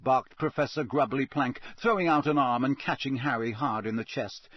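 A male narrator reads a novel at a measured, steady pace. His husky, mid-pitched voice sits close to the mic in a dry, dead recording. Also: no room sound. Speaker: audiobook narrator.

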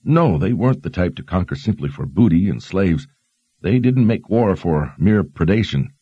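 A man voicing a learned young woman who explains history in a measured, explanatory way. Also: deep voice, animated, breathy edge, no room sound, dull audio. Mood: explaining.

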